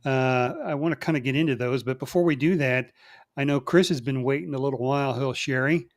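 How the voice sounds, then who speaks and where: A man's voice: medium pitch, fairly quick. A man co-hosting a live show who moves things along and reads out viewer requests. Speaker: co-host.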